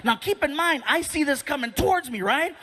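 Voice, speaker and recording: Animated stand-up comedian, man. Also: extremely high pitch, fairly quick, slight background noise. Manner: animated storyteller who acts out other people's voices.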